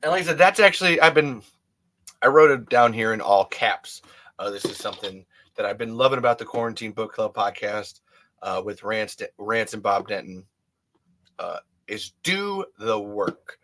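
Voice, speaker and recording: A man's voice: on the low side, lively intonation, moderate pace, fairly bright tone. A man hosting a podcast, talking alone in a rambling, candid way and often restarting his sentences. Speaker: podcast host. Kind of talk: casual solo monologue.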